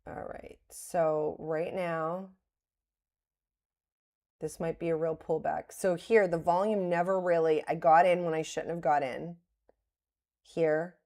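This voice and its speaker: A woman's voice: sits low, fairly even intonation, takes it slowly, long pauses, darkish tone. A middle-aged woman livestreaming her day trades, thinking aloud and openly scolding herself over her mistakes. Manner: thinking aloud, self-critical, breaks into laughs. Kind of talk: live-streamed trading commentary.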